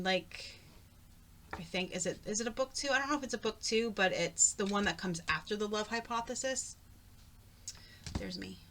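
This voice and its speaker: A woman's voice: mid-range voice, fairly bright tone, slight background noise. A middle-aged woman talking casually at home, chatty and rambling, drifting off on tangents. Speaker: craft vlogger. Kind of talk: casual chat.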